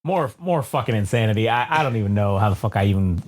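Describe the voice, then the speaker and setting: A man's voice: lowish voice, expressive, fast talker, a little mellow, a little hiss or hum. A man co-hosting a podcast, telling a rambling, profane story with constant swearing and restarts. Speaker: podcast co-host. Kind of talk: profane, rambling casual chat.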